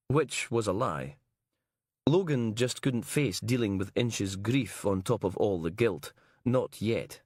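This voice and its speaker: A man reading a crime audiobook in a measured, even narration style on a close mic. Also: fairly low pitch, breathy edge, no echo.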